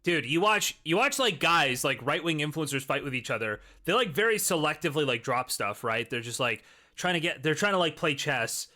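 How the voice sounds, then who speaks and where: A man's voice: fairly high pitch, expressive, a little fast, pushed and bright. A man in casual stream chat, talking in a laid-back, amused way on a headset mic. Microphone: headphones with mic.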